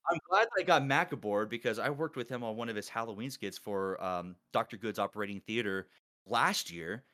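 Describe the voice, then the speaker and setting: A man hosting a casual group call, talking excitedly and rambling with many restarts. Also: fairly low pitch, fairly quick. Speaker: podcast host and collab organizer.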